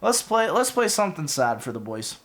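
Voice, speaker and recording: A man's voice: sits high, very animated, fairly quick, fairly bright tone. A man in his twenties streaming, dramatic and whiny, with an exaggerated mopey manner. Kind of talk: live stream reaction.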